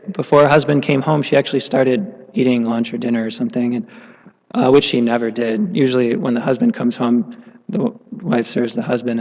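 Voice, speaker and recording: A man giving a scripture class, telling a story casually with many fillers and restarts. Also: medium pitch. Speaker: class speaker. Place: temple hall. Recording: long hall reverb.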